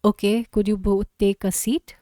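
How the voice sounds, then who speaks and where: A woman reading the part of a calm family therapist who speaks in a measured, even way. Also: medium pitch, dry recording, close to an everyday voice.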